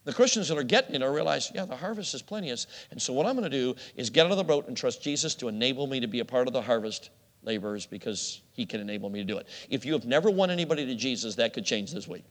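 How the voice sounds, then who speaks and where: A man's voice: medium pitch, lively intonation, rapid-fire, big-room sound. A middle-aged man preaching a sermon, telling a personal story with self-deprecating humor and frequent laughs.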